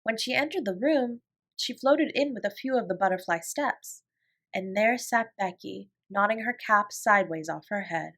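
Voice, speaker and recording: A woman narrating a classic children's novel as a bedtime story, in an expressive storytelling voice. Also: mid-range voice, normal speed. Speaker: audiobook reader.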